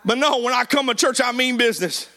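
A man preaching a sermon with a shouted, sing-song cadence, repeating his lines for emphasis. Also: very high-pitched, fast.

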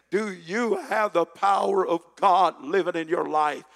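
A man preaching a sermon as pastor, quoting scripture loudly and asking the congregation to repeat after him. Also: sits high, steady tone, unhurried, gravelly, hardly any pauses, big-room sound. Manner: preaching with shouted scripture and call-and-response.

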